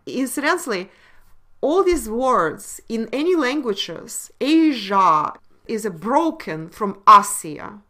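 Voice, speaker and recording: Slow, bright-voiced woman lecturing. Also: mid-range voice. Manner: slow, emphatic, asks rhetorical questions. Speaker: webinar presenter. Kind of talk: lecture on word origins.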